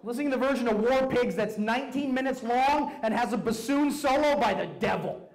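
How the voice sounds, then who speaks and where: A young man doing a stand-up routine, telling profane stories in a brash, animated way on a club stage. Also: very high voice, brisk, vocal fry. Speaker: stand-up comedian. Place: comedy club stage before a live audience.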